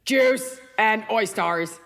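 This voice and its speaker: Brief: woman imitates a slow, droning girl robot, deadpan and mechanical. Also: fairly high pitch, creaky, heavily acted. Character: flat, slow female robot.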